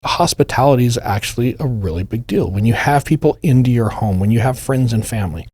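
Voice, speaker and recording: A man's voice: medium pitch, brisk, husky, no room sound. A man co-hosting a true-crime podcast, telling a story in casual chat and acting out the people he quotes. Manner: animated retelling, acts out quotes in a raised voice. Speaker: podcast co-host.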